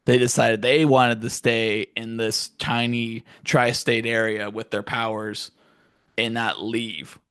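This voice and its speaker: A man's voice: mid-range voice, level tone, takes it slowly, a bit bright, smooth, no room sound, clean studio sound. A young man co-hosting a casual podcast, laughing often, swearing, and acting out characters in exaggerated voices. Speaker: podcast co-host. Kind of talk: casual chat.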